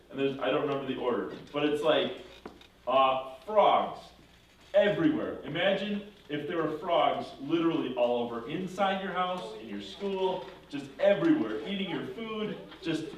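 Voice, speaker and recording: A man's voice: on the high side, muffled recording. Brief: male confirmation teacher, casual and conversational, far from the mic in a roomy space. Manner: conversational, checking in with 'right?'. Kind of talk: casual classroom lesson. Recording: echoey room from far off.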